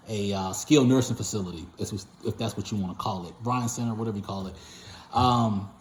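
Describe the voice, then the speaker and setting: A man who runs a patient transport company, casually telling a story to his viewers in a rambling way, full of fillers and self-corrections. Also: lowish voice. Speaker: owner of a patient transport company, channel host. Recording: roomy echo.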